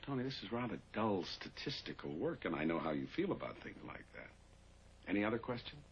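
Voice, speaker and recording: A calm professor with a dry wit, polite but firm. His low voice moves expressively. The sound is dull and noisy, like an old TV print. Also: a little fast. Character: calm, dry-witted professor assisting police. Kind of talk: 1960s TV drama acting.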